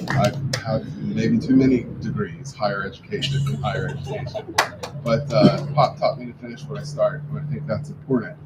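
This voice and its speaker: A man's voice: mid-range voice, background noise. A man giving a eulogy for his father, telling family stories with light humor. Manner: warm anecdotal storytelling with light humor. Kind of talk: memorial speech, storytelling. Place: memorial service venue.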